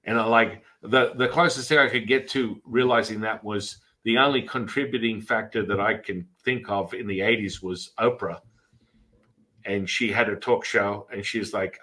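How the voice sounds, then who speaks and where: A man's voice: fairly low pitch, steady tone, moderate pace, pushed and bright, rough recording. A man, a Taoist priest hosting a podcast, chatting casually and telling rambling stories with acted-out quotes. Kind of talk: casual storytelling chat.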